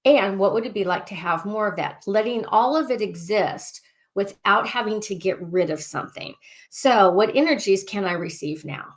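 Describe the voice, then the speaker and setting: An excitable woman coaching a group in a loose, casual way. She circles back and repeats her phrases and clearing statements, stopping herself mid-thought to start again. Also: medium pitch, moderate pace. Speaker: life coach. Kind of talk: coaching session, casual and repetitive.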